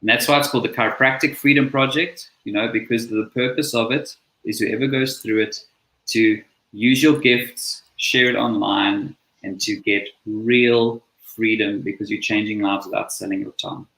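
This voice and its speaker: A man's voice: on the low side, steady tone, moderate pace, creaky, a bit bright. Male interview guest from South Africa, earnest and reflective, roomy sound. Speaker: guest, chiropractor and coach. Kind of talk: interview storytelling. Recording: echoey room.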